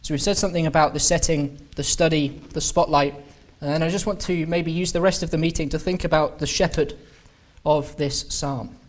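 A man preaching at a meeting, unhurried and halting, often restarting phrases and drawing out key words for emphasis. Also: on the high side, fairly even intonation. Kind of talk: sermon-style Bible study talk. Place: meeting hall.

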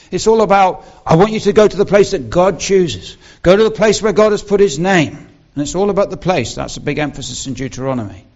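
A man's voice: a little high, dull audio. A man preaching a Bible-teaching sermon, explaining earnestly and stressing key words.

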